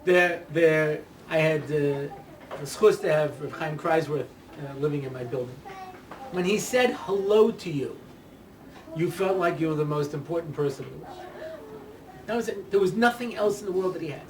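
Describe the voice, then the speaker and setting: A man giving a humorous talk as a rabbi, telling stories in an animated way with many "you know"s. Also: fairly high pitch, normal speed, slight background noise. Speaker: rabbi, speaker. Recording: roomy hall recording from a distance.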